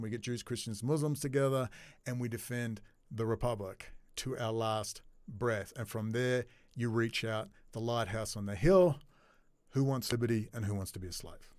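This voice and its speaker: A man giving a ranting solo commentary, sarcastic, swinging between low muttering and loud mocking outbursts. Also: clear, resonant tone, no echo. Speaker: commentary host.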